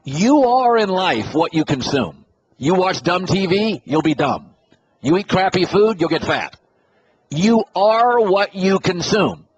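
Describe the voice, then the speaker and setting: Blunt, opinionated radio host. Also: male voice, high-pitched, big pitch swings, slow pace, highs cut off, slight background noise. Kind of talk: casual monologue.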